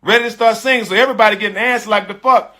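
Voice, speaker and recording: A middle-aged man telling a personal story in casual, animated talk, emotional and profane. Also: high voice, racing. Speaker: storyteller guest.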